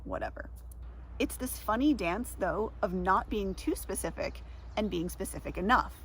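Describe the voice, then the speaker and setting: A woman's voice: mid-range voice, animated, moderate pace, a little hiss or hum. A woman vlogger chatting casually outdoors, rambling, giggling and tripping over her words. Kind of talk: rambling casual vlog talk.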